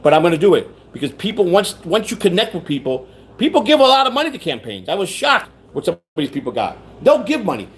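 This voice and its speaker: A man rambles through a casual livestream, circling back over his points and reading viewer chat as he goes. His voice sits a little high for a man. A faint hiss runs under the recording. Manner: rambling, repetitive, restarts sentences; reads viewer chat aloud. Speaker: livestream host.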